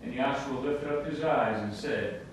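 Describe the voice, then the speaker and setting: A man in a class reading scripture aloud at a steady, plain pace. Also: mid-range voice, a little slow, slight background noise. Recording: echoey room from far off.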